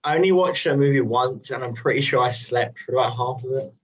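A man's voice: medium pitch, fairly quick. A man chatting casually on a podcast, rambling and playful, often laughing. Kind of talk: casual chat. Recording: dull lo-fi sound.

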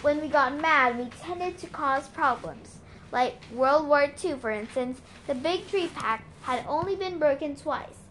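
A woman with a fairly high voice reads a novel aloud in a plain storytelling manner, now and then stumbling over a word. Her voice echoes around the room, and a faint hiss sits under it. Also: a bit bright. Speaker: reader.

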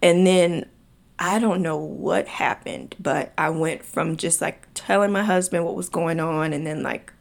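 Young female podcast host, low voice with vocal fry, emotional personal storytelling. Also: unhurried. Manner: emotional, chatty, addresses listeners as y'all.

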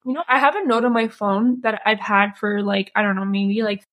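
A young woman chatting on a podcast, soft and hesitant, with many fillers. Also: medium pitch, steady tone, a little fast. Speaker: podcast co-host. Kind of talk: casual chat.

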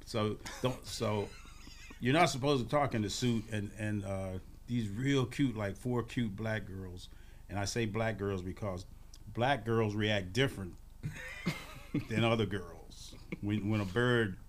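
A man in his sixties telling lively, laughing stories as a guest on a radio morning show, acting out voices as he goes. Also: on the low side, slow, a little hiss or hum. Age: 60s. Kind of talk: casual storytelling on a radio show.

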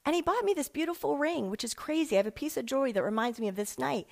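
A middle-aged woman telling her personal faith testimony in an emotional, animated way, acting out the people she quotes. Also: sits high, very fast, creaky. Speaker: speaker sharing a personal testimony.

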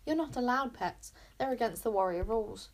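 A rule-loving boy bodyguard frets and lectures in a raised, slightly gravelly voice, as a woman reads him aloud from a storybook. He sounds earnest and indignant, forever citing the rules. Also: on the high side, animated, fairly quick. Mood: fretful.

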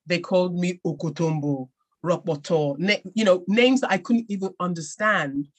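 A woman's voice: fairly low pitch, normal speed. An English woman from England, a podcast guest and author, telling her own story in an earnest, reflective way with frequent restarts. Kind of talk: personal storytelling in a podcast interview.

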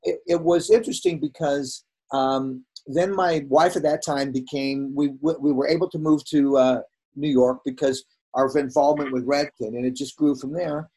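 A man's voice: medium pitch, moderate pace, husky. A man in his sixties, a veteran hairdresser, telling stories from his career in a casual conversation and acting out the dialogue. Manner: animated, acts out quoted dialogue.

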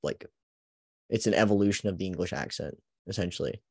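A man's voice: low voice, fairly quick, vocal fry, a little mellow, husky, no room sound. A man co-hosting a podcast in casual chat, laughing often and leaning on "like". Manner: laughs often, heavy use of "like". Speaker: podcast co-host.

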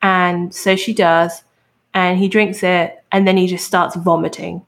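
A woman hosting a true crime podcast, telling the story in a casual, animated way and swearing now and then. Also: fairly low pitch, a little slow.

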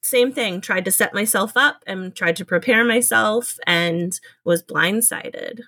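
A woman hosting a podcast interview. She responds with quick, affirming backchannels and asks gentle questions. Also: medium pitch. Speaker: podcast host. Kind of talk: empathetic interview.

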